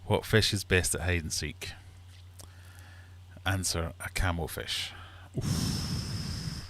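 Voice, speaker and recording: A man hosting a casual livestream from his fish room, chatty and quick to laugh while telling jokes. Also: deep voice, a bit bright. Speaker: livestream host.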